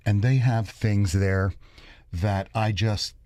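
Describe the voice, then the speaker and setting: A man co-hosts a casual radio talk show in a low, easygoing voice. He rambles a little as he retells the research between asides. The sound is close and dry. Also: fairly even intonation, slow, warm tone, no echo. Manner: rambling, retells a study loosely.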